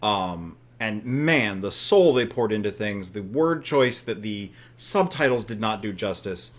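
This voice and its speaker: A man co-hosting a podcast, chatting casually about a film with laughing asides. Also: fairly low pitch. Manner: animated, laughing, quick asides. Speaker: podcast co-host. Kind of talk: casual film review chat.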